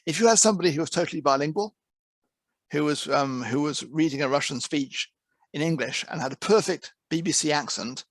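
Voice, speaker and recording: A man's voice: on the high side, brisk, no echo. A man who heads an interpreting course, giving a discursive online presentation to a practice group, often restarting and repeating words. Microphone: video call.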